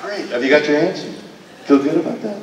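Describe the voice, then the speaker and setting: High-voiced wry male host. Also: fast, background noise. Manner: wry, prodding questions. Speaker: panel host. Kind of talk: hosting a convention panel. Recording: distant mic in echoey hall.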